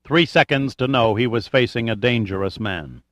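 In a steady, measured way, a male audiobook narrator reads a thriller from a script. His pitch is in the middle range, and the recording is dry and close with no room sound.

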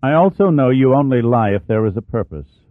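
A man's voice: mid-range voice, expressive, fairly quick, dry recording, phone-quality sound, natural voice. A man voicing a cold, formal, menacing middle-aged Soviet general. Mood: icy.

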